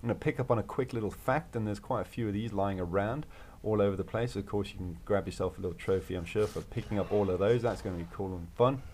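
A man's voice: fairly low pitch, fast, a little mellow, slight background noise. A man hosting a video game walkthrough, talking through his play in an upbeat, chatty, jokey way. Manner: upbeat, chatty and jokey, with playful rhymes and laughs. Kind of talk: casual gameplay commentary.

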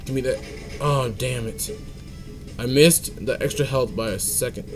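A man's voice: mid-range voice, measured pace, over music. A young man giving playful let's-play commentary, singing silly made-up tunes and scolding the game. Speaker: gaming channel host.

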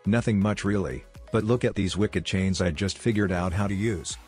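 A man's voice: low-pitched, moderate pace, darkish tone, faint music behind, close to an everyday voice. A man voicing a brash, cocky teenage boy ninja in a read-aloud fan story, with a teasing manner.

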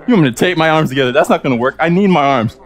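A man hosting a live-streamed game, excitable and playful with loud exclamations. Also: fairly high pitch, racing. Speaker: gameplay host.

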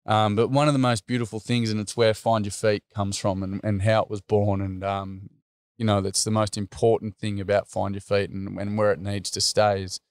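A man's voice: lowish voice, level tone, moderate pace, smooth, no echo, studio quality. A middle-aged Australian man telling a personal story earnestly, with many fillers. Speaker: interview guest.

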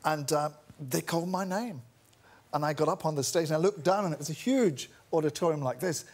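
A man's voice: on the high side, brisk. A middle-aged man with a Scottish accent, a chat show guest telling a wry, self-deprecating story. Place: TV studio.

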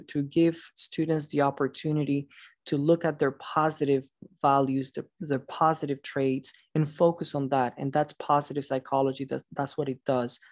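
Late at night over a video call, a man with a slightly high, somewhat mellow voice presents at a conference in dry, studio-quality sound. A teacher educator, he sounds tired yet encouraging, reading audience answers aloud with praise and occasionally stumbling and restarting words.

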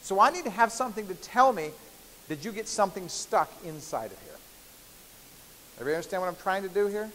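A man's voice: high-pitched, lively intonation, fast talker, long pauses, fairly bright tone. Playful male lecturer in a hall. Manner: playful, chatty, checks in with frequent "okay?". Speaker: university biochemistry lecturer. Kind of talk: live classroom lecture. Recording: hissy lecture-hall recording with long reverb.

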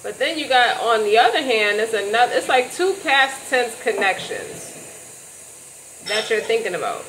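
A woman with a slightly high voice reads tarot cards casually for an audience. Her talk is loose and slangy, and she restarts and corrects herself as she goes. A faint noise sits behind her. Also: expressive, moderate pace, a bit bright, rough recording. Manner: rambling, slangy, self-correcting. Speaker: tarot reader. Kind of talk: casual tarot reading to camera.

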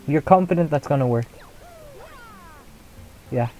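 A young man chatting casually while streaming a game, mocking his own play, reacting out loud and laughing often. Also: on the high side, a little slow, soft background music, low-quality recording. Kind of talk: casual live gameplay commentary.

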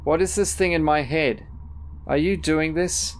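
A man's voice: fairly high pitch, unhurried, natural voice. A man reading the lines of an anxious young woman cat, plain and mildly rising when upset. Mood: uneasy.

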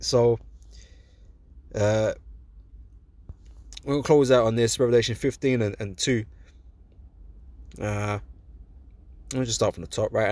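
Man giving a loose, chatty sermon. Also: mid-range voice. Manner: loose and conversational, peppered with "man" and "you know"; gets animated and laughs when excited. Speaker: religious teacher. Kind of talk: informal sermon with scripture reading.

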